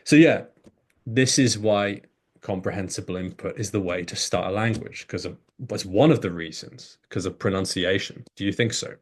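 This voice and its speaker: Man explaining language learning with animated examples. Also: deep voice, moderate pace, slightly rough. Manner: animated, demonstrates pronunciation examples. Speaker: English teacher, guest. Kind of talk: explanatory conversation.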